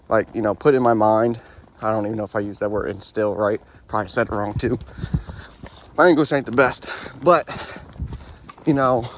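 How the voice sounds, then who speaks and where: A young man in his twenties, a horse trainer, talking in a laid-back, rambling, reflective way while riding outdoors on a wooded trail. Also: mid-range voice. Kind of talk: casual vlog narration while riding. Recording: faint outdoor noise.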